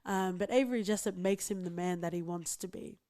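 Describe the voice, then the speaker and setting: A lowish, mellow voice delivered fairly quickly belongs to a woman from outside the United States co-hosting a podcast. She chats casually with many fillers and small laughs.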